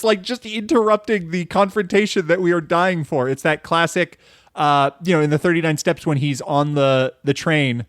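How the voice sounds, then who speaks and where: A man's voice: a little high, no room sound, studio quality. A man hosting a casual film podcast, talking in a rambling, profane way with lots of fillers and restarts. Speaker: podcast host.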